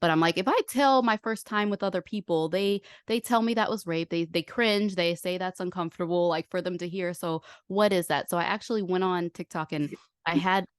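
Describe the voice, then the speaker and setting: A woman podcast host tells personal stories candidly and animatedly, acting out what other people said. Her lowish voice moves fairly quickly and sounds clean, with clean studio sound and no room sound.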